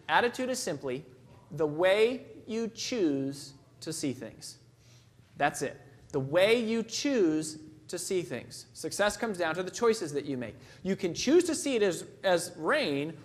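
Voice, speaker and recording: A man's voice: high voice, a bit bright. A man giving a motivational keynote talk in a conversational, self-deprecating way, telling personal stories. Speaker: motivational speaker.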